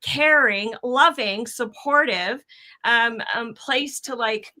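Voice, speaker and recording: A Canadian woman speaks on a panel in a raised, bright voice. She talks earnestly and loops back over her own phrases. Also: on the high side, slow pace. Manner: earnest, rambling, repeats phrases. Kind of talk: casual panel chat.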